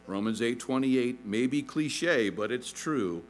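Middle-aged pastor preaching a sermon. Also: male voice, mid-range voice, big pitch swings, a little slow, soft background music. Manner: storytelling preacher who drops to a soft, hushed voice in prayer.

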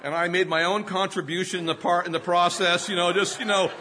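A man's voice: high-pitched, fairly even intonation, a little fast, noisy background. A man in his fifties preaching a sermon, telling humorous self-deprecating stories and often laughing mid-sentence. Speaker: pastor.

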